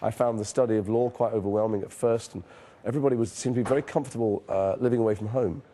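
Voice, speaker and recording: He speaks quickly and steadily at a medium pitch, his tone dark. The speaker is a northern English actor in his forties giving an interview, telling reflective stories about himself with frank self-deprecation and casual swearing.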